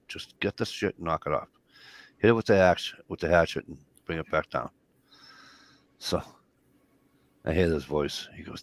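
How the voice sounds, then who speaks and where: A middle-aged man telling profane, lively stories in casual chat. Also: rumbling low, normal speed, gravelly, long pauses. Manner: profane, animated anecdote telling.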